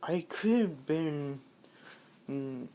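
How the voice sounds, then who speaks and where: A narrator voicing a newborn, hungry symbiote creature in a fan story, speaking flatly and haltingly, very slowly. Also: mid-range voice, slight background noise. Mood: naive.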